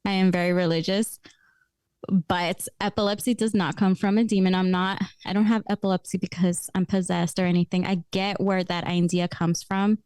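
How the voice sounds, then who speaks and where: A young adult woman telling stories as a podcast guest in casual chat, lively and laughing often. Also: fairly low pitch, moderate pace, smooth, no room sound.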